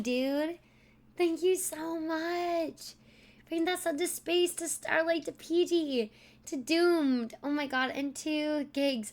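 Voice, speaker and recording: A young woman streaming live, laughing often as she exclaims and thanks her viewers. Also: high-pitched.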